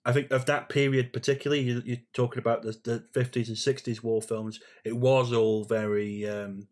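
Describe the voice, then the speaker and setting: Guy co-hosting a movie chat, lots of ums, thoughtful, normal pitch. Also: level tone, normal speed, darkish tone. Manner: thoughtful, hesitant with many ums. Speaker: podcast co-host. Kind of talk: casual film review chat.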